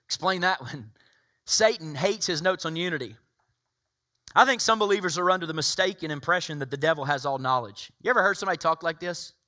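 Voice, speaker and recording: A man from Tennessee, preaching a sermon as pastor. He swings from loud, emphatic preaching to hushed, intimate asides. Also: fairly high pitch, fairly quick. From Tennessee, USA.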